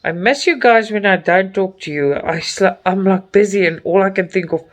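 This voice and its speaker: A man's voice: high-pitched, moderate pace, hardly any pauses. A middle-aged South African man, an Afrikaans speaker, chatting casually as a cross-stitch vlogger while he stitches. He talks in a chatty, openly emotional way with frequent exclamations.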